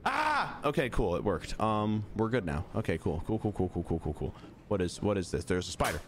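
A man's voice: low voice, fairly quick, a little mellow, slight background noise. A young man streaming a video game, chatty and muttering to himself as he plays. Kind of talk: casual gaming commentary.

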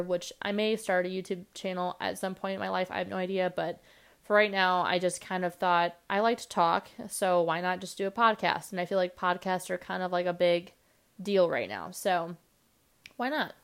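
A young woman hosting her own podcast, talking fast and rambling casually with lots of fillers. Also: on the low side, clear, resonant tone. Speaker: podcast host. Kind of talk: casual solo podcast monologue.

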